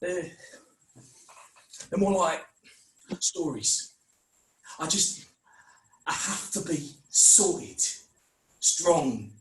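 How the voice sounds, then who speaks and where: A man voicing a guilt-ridden, self-doubting young man in an online script reading, halting and anguished. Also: a little high, big pitch swings, exaggerated voice. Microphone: video call mic. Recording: echoey room, mic at a distance.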